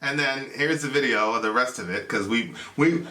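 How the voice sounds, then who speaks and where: Halting, bright-voiced man in an echoey room. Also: mid-range voice. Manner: halting, full of restarts and repeated words. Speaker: co-host. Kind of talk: casual chat. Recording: echoey room, a bit off the mic.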